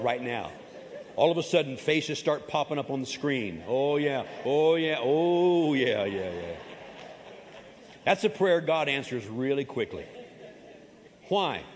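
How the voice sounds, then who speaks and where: A man's voice: mid-range voice, slight background noise. A man preaching a sermon as pastor, emphatic and folksy, repeating his key phrases and adding humorous asides. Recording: long reverb of a large hall.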